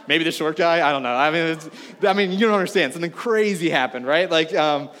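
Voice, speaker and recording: A man's voice: on the high side, animated, fairly quick, a bit bright, big-room sound. A man preaching a sermon to a congregation in a casual, conversational way, full of asides. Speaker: pastor. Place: church room before a congregation.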